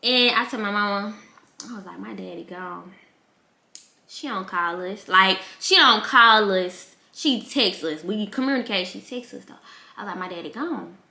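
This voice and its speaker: A young woman speaking in tells a personal story in a casual, candid way. Her voice is bright, and she acts out her relatives as she goes. The sound is roomy, with a noticeable echo. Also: medium pitch, normal speed, gravelly. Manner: candid, emotional, animated quoting of relatives. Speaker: vlogger. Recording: echoey room.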